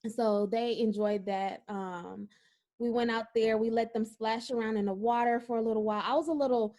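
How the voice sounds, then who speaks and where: Woman, casual podcast chat, animated and laughing, somewhat high voice. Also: moderate pace. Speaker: podcast co-host.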